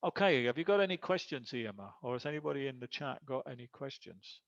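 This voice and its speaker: A man's voice: medium pitch, animated, fairly quick, no echo. A man giving an online English lesson, explaining grammar patiently step by step. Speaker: English teacher. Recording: dull lo-fi sound.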